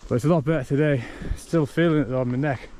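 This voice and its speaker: A hiking vlogger narrates casually while walking a rural hillside, chatty and self-deprecating, a little short of breath as he describes the route. His voice is a little high and darkish, and he talks quickly. The noisy outdoor camera audio picks up wind and animals.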